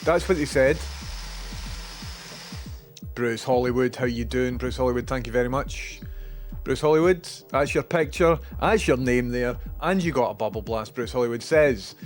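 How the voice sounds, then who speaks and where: A man's voice: mid-range voice, moderate pace, faint music behind. A man with a Scottish accent who streams, rambling casually and self-mockingly while reading out viewer messages.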